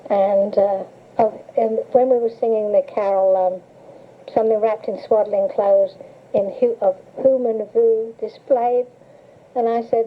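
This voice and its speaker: Speaking a little slowly in a medium-pitched voice, an older interviewee looks back on her past in a casual, chatty way. She tells her memories as stories and laughs often, heard through the hiss of a tinny old cassette.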